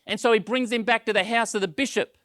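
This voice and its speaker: A man's voice: high voice, quick pace, fairly bright tone, dry recording, studio quality. A male pastor preaching a sermon, telling stories with acted-out quotes, often repeating words as he starts sentences.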